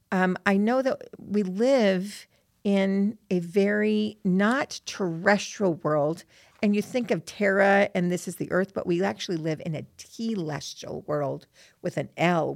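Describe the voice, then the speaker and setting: A middle-aged woman chats through a scripture lesson, her voice carrying a gravelly edge. She tells stories with animation and slips into a steady, measured cadence when she recites verse. The recording is dry and close. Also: mid-range voice, dry recording. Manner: animated storyteller who reads a poem with steady, measured delivery. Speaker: podcast co-host. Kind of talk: casual gospel-lesson chat and poem recitation.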